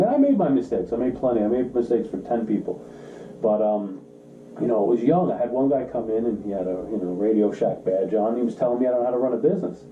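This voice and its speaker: Speaking fast in a mid-range voice, this podcast co-host, who owns a car shop, swaps stories in an easygoing chat and performs the quoted lines with animation. The sound is roomy and a bit dull, with some background noise.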